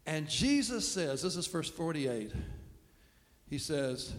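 A man's voice: a little high, lively intonation, unhurried. A man preaching a sermon as pastor, talking in a conversational, self-deprecating way. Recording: long reverb of a large hall.

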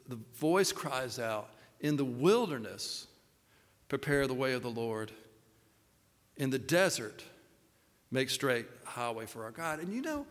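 A man's voice: fairly high pitch, a bit bright, in a large hall. An older man, a pastor giving a personal, earnest sermon with hesitant fillers.

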